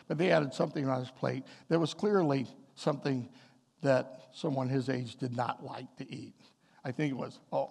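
A man's voice: medium pitch, gravelly, a little mellow. A man preaching a sermon as a pastor, telling a family story and then building to emphatic appeals. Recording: long hall reverb.

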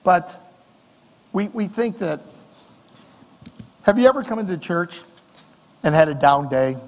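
A middle-aged male pastor preaching a sermon in a church, talking conversationally with rhetorical questions and swings between soft and emphatic delivery. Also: sits high, expressive, measured pace, big-room sound. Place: church sanctuary.

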